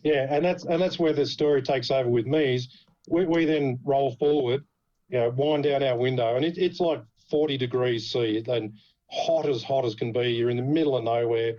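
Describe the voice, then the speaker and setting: A man with an Australian accent, a podcast guest telling an animated story full of swearing. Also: mid-range voice, normal speed, lo-fi sound. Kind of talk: casual storytelling.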